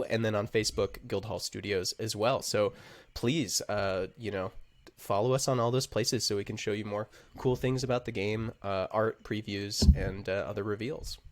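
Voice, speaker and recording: A man guesting on a podcast talks about his game in a low, upbeat voice, chatty and quick to laugh at himself. The recording is close and dry. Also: no room sound. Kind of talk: casual podcast interview.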